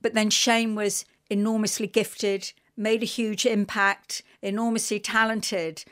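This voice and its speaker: A woman's voice: mid-range voice, level tone. Earnest woman, emotional run-on talk. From London. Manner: earnest, emotional, talks in rushing run-on sentences with many "like" and "you know". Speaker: guest, writer. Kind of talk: radio interview conversation.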